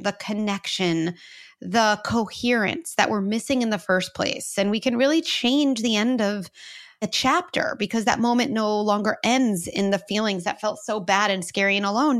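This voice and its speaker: A woman's voice: mid-range voice, a bit bright. A woman guest in a podcast interview, explaining step by step and guiding listeners through a simple exercise. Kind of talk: conversational interview.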